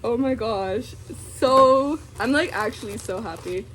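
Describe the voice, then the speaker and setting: Giggly young woman gushing, unhurried. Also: a little high, fairly bright tone, slight background noise. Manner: giggly, gushing, full of fillers. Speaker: vlogger. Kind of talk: casual unboxing vlog.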